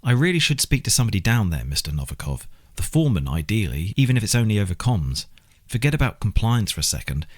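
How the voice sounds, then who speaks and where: A man's voice: lowish voice, very animated, fast, pitched above the performer's own voice. A man reading an audiobook, voicing an anxious, earnest compliance officer who presses his point insistently. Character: anxious male compliance officer, expectant father.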